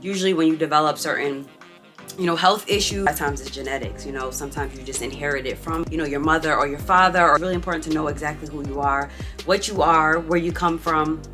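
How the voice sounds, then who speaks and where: Woman vlogger, young, low voice, chatty and playful, faint music behind. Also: quick pace. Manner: chatty, reads out results with playful asides. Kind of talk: casual vlog chat.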